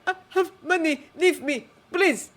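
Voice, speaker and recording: A woman's voice: high voice, animated, normal speed, fairly bright tone, pitched above the performer's own voice. A woman voicing a portly middle-aged man who pleads and whimpers in fear. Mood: terrified.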